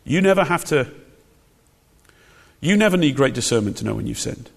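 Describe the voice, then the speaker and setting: Preacher, emphatic, in a reverberant hall. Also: male voice, mid-range voice, lively intonation, normal speed, vocal fry. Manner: emphatic, conversational preaching with rhetorical questions. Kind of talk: sermon.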